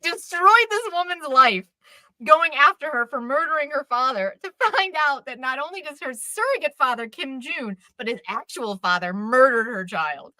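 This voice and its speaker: A woman co-hosting a live stream chat, ranting in an exasperated, animated way. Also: sits high, normal speed, no echo. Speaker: co-host.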